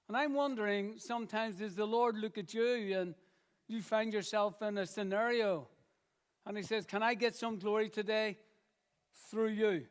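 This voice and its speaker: A man with a high voice preaching in church. He speaks earnestly and stretches out key phrases with slow pauses, repeating them for emphasis. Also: smooth. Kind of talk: sermon.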